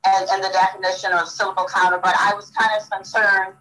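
A woman's voice: medium pitch, flat delivery, quick pace, sharp tone, low-quality recording. A woman author as an interview guest, talking casually, often stopping to search for words and laughing.

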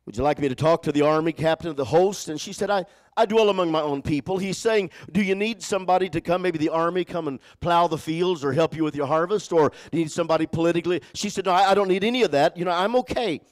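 Male pastor with a high voice, preaches with call-and-response and drops to hushed storytelling, often repeats words as he starts a phrase. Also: fast talker. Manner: swings from loud exhortation to hushed, low storytelling. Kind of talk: sermon.

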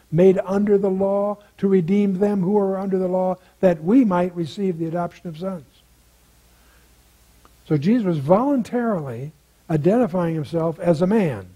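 A man's voice: high-pitched, warm tone, breathy edge, poor audio. An older man teaching through a Bible passage verse by verse, conversational and asking his listeners rhetorical questions.

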